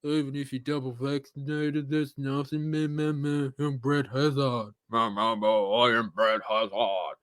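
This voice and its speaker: A man's voice: medium pitch, level tone, unhurried, hardly any pauses, fairly bright tone, no room sound, pitched below the performer's own voice, close to an everyday voice. A man mocking a cranky old male health minister, in a whiny, droning voice.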